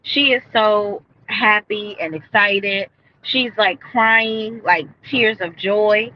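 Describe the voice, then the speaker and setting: A woman's voice: medium pitch, slow, highs cut off, slight background noise. A woman recapping a TV episode live for viewers, blunt and opinionated, speaking into a headset mic. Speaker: TV show reviewer. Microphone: earbud headset.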